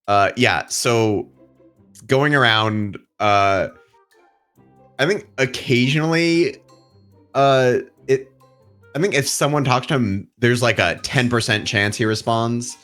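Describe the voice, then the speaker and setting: A man's voice: medium pitch, slow, fairly bright tone, faint music behind. A man playing a tabletop game, describing his character in a hesitant, playful way. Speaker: player. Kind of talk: tabletop role-play, casual.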